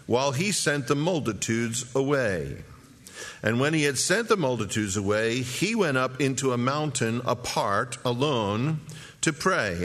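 With a slightly bright, mid-range voice, a middle-aged pastor works through a chapter of the Bible. He reads each verse at a slow pace, then interrupts himself with fast, humorous remarks.

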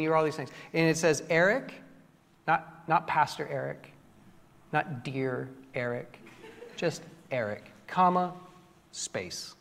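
A male pastor preaches with animated, self-mocking humor and acts out what people said. His voice sits a little high for a man. A long reverb trails each phrase through the church. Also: takes it slowly, gravelly, long pauses, a little hiss or hum. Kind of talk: sermon with storytelling.

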